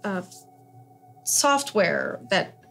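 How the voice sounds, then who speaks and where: A woman's voice: mid-range voice, sing-song, very slow, gravelly, fairly bright tone, soft background music. A middle-aged woman, talking casually in an interview, rambling with many restarts.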